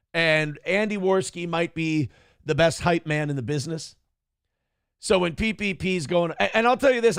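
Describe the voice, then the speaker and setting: A man hosting a loose commentary show, rambling and swearing freely as he reads viewer messages. His voice sits a little high for a man and has a gravelly edge. The sound is dry and close. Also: no echo. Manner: profane, rambling, animated. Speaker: show host.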